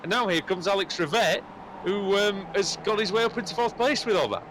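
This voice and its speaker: A man commentating on a sim race, getting excited and loud at each incident. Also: sits high, brisk, slight background noise. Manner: excitable, rising sharply at incidents.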